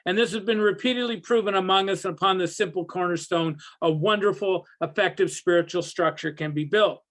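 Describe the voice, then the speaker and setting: A man facilitating a recovery workshop over a video call, teaching with spoken parables as an animated storyteller who repeats phrases for emphasis. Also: sits high, brisk.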